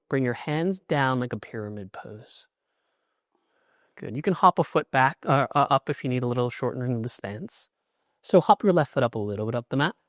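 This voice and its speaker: A man's voice: mid-range voice, dry recording, clean studio sound. A middle-aged man teaching a yoga class, cueing poses in short instructions with an encouraging, chatty manner.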